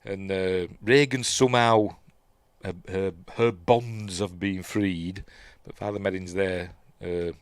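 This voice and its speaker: A man's voice: deep voice, steady tone, slow, clean tone, dry recording. A man with a Yorkshire accent gives a casual, rambling watch-along commentary on a film, full of fillers and restarts, as host of his own show. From Yorkshire, England.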